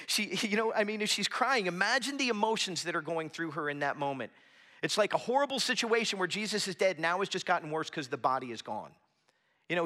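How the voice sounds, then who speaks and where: A man with a bright, fairly high voice preaches a sermon to a small church gathering. He talks earnestly and conversationally, circling back and restarting his phrases as he builds his point. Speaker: pastor. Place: church hall with a small audience.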